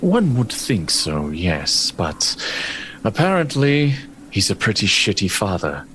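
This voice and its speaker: A man's voice: fairly low pitch, big pitch swings, takes it slowly, a bit bright, a little hiss or hum, poor audio. A man playing a tabletop game in character, dry and wry. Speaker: player.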